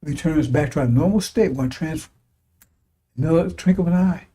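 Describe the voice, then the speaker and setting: A man with a high voice and a mellow, dark tone delivers a fiery broadcast sermon. He mocks and scorns his listeners, chuckling as he goes and hammering on repeated phrases. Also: fairly quick, husky. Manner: mocking, scornful, breaks into laughter, repeats phrases. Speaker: preacher. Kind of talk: impassioned religious broadcast sermon.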